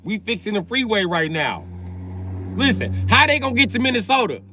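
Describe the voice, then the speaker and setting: A man's voice: high-pitched, very animated, fairly quick, bright, forceful tone, a little hiss or hum. A man hosting a livestream, ranting crudely and teasing his chat as he riffs off their comments. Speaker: livestream host. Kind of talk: profane comedic rant to chat.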